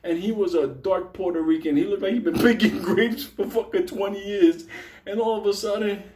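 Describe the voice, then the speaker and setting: A man with a fairly high voice tells a rowdy story late at night. He curses constantly and keeps breaking into laughter, worked up and sweating. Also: normal speed, darkish tone, reverberant. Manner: swears constantly, laughs through his own story. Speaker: storyteller, stream host. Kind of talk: profane storytelling to a live audience.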